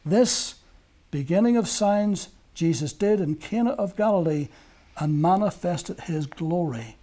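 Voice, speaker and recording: A man preaching a sermon, telling stories earnestly and moving between emphatic peaks and hushed lines. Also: sits high, expressive, unhurried.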